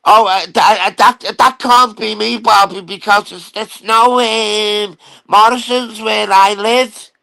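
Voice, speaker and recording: A man's voice: high-pitched, steady tone, slow pace, vocal fry, bright, forceful tone, poor audio. A man rants on his live stream, taunting an absent rival and swearing as he rambles. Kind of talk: ranting casual live stream.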